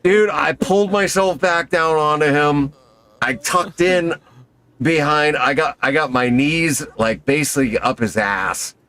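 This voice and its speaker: A man telling a skydiving story in an excitable, profane, casual way, acting out quotes. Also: on the high side, a little slow.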